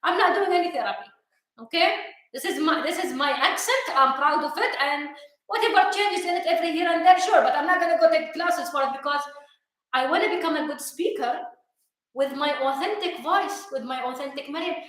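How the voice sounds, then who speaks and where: Woman, Arabic accent, high voice, emphatic, repetitive questions, echoey room. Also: a little fast, a bit bright. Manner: emphatic, repeats questions for stress. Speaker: co-host, coach. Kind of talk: live motivational talk.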